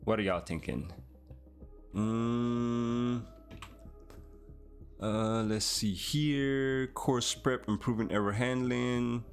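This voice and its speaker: A man's voice: mid-range voice, very slow, pauses often. Laid-back male livestream host. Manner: laid-back, thinking aloud to chat. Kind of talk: casual livestream chat. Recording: faint background music.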